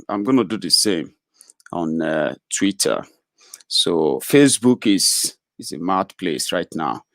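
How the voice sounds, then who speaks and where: A low-voiced man hosts a live political commentary broadcast. He talks haltingly, full of "uh" fillers and restarts. The sound is close and dry, with no room to it. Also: dry recording. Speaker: host of a political web show.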